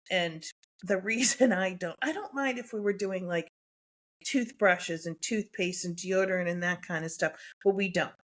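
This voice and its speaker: Chatty, lower-voiced middle-aged woman. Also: fairly bright tone. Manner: chatty, rambling, many fillers and laughs. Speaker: podcast co-host. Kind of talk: casual chat.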